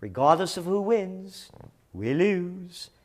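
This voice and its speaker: Slow, emphatic sarcastic man. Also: sits high, big pitch swings. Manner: sarcastic, emphatic, deliberate delivery. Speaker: news commentary host. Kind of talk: opinionated news commentary.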